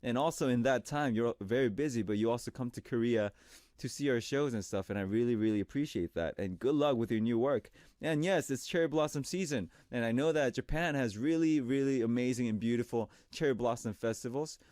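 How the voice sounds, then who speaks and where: A man's voice: medium pitch, brisk, no room sound. Chatty guy DJing a radio show, upbeat, reading fan mail, dead dry studio mic. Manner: upbeat and chatty, reads messages in a brighter voice. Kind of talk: radio show hosting, reading listener messages.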